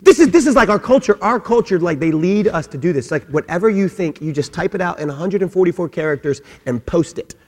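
A man preaching a sermon as a pastor, animated and humorous, acting out little voices to make his point. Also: high voice, quick pace, hardly any pauses. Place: church sanctuary. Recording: long hall reverb.

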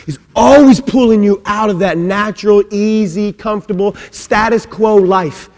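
A man preaching a sermon, swinging between loud, raised passages and hushed, quiet ones, acting out quoted voices with humorous asides. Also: high-pitched, moderate pace. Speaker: pastor. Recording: long hall reverb.

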